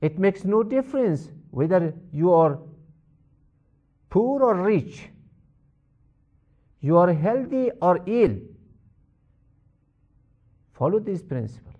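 Male religious teacher, unhurried and lively in pitch, restates every point. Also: dull audio. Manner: measured, repeats points for emphasis. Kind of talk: explaining a Quran verse in a lecture.

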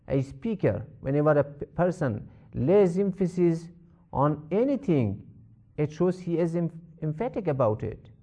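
A man teaching a lecture that explains a Quran verse, in a measured way that repeats each point for emphasis. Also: sits high, dark tone. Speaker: religious teacher.

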